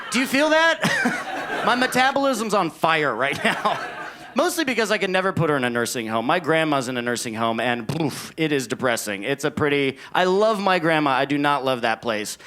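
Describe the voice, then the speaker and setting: A man from the United States performing a self-deprecating, deadpan stand-up set on a club stage. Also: high-pitched. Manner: deadpan, self-deprecating, acts out others in quoted asides. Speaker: stand-up comedian. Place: comedy club stage before a laughing crowd. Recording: live club recording with audience noise.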